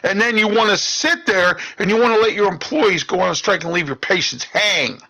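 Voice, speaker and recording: Man, talk show host, indignant monologue, bright tone, slightly high pitch. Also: normal speed, rough recording. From Pittsburgh area. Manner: ranting, indignant, repeats "okay?" and "all right?". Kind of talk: political commentary monologue.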